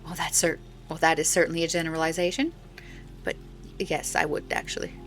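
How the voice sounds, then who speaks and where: A woman's voice: low voice, fairly even intonation, fairly quick, a bit bright, faint music behind. A woman voicing a polite, formal male journalist in a game, now and then flustered.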